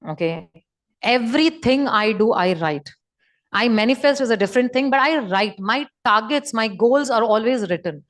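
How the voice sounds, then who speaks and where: A woman's voice: a little high, lively intonation, normal speed. A woman giving an emphatic, repetitive motivational talk over a video call. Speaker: motivational speaker.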